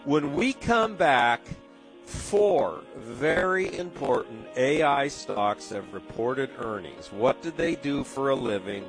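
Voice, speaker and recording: Gravelly Southern Californian man hosting radio. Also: mid-range voice, lively intonation, takes it slowly, over music, rough recording. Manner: rambling, many fillers and restarts. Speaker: talk radio host. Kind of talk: casual radio commentary.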